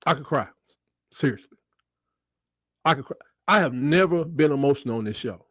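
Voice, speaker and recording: Animated man hosting a livestream. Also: moderate pace, slightly rough, no room sound, clean studio sound. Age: middle-aged. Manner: animated, joking, reads out chat comments and bursts into high squeals. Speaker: sports livestream host. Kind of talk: casual livestream commentary.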